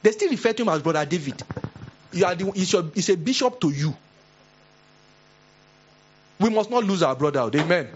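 A male pastor with a Nigerian English accent, preaching an earnest, exhorting sermon with animated storytelling. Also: high voice, brisk, long pauses, muffled recording, slight background noise.

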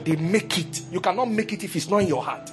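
A pastor preaching a sermon in an animated, humorous way, full of rhetorical questions. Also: male voice, high-pitched, quick pace, music in the background.

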